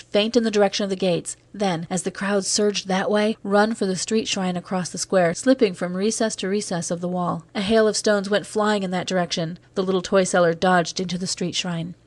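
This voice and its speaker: A woman narrating a science fiction audiobook in a steady, measured reading. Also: mid-range voice, no echo.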